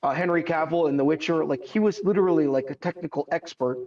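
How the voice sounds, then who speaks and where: A man in loose stream chat, blunt and freely profane, in a fairly high voice. His audio sounds a little dull, as though from a modest mic. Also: fast, a little mellow, far from the mic. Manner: blunt, swears freely, many fillers. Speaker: stream co-host. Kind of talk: casual chat.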